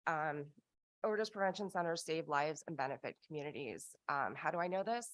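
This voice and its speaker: A woman's voice: low voice, animated, no room sound. A woman from Canada giving impassioned public testimony at a hearing over a video call. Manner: earnest, impassioned, slows for emphasis.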